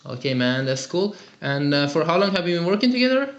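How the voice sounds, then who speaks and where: A man's voice: on the high side, very animated, fairly quick, echoey room, highs cut off. A man teaching an English lesson and answering students' calls in an upbeat, chatty way, with lots of fillers. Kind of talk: live lesson and call-in Q&A.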